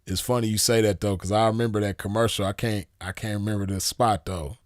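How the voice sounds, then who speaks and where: Laid-back low-voiced man telling stories. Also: fairly even intonation, quick pace, no echo, clean studio sound. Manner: laid-back, rambling, laughs easily, slangy. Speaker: show host. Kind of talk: casual storytelling chat with viewers.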